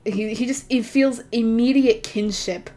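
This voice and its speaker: A woman's voice: on the high side, a little slow, dark tone. A young adult woman ranting casually about books while she draws, laughing often and sounding exasperated. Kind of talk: casual rant while drawing.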